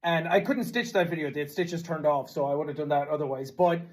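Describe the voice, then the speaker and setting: An Irish man in his thirties talks casually to the camera, chatty and a little self-deprecating. His voice sits slightly high for a man, with a clear Irish lilt. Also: a little fast. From Ireland. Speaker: YouTuber. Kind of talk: casual talking-to-camera explanation.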